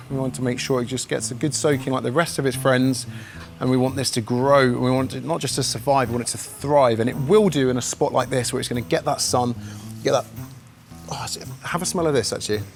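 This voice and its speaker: A man's voice: mid-range voice, fairly even intonation, quick pace. An enthusiastic man presenting gardening tips outdoors in a casual, chatty way, with jokey asides. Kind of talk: casual outdoor how-to demonstration. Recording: music bed under the voice.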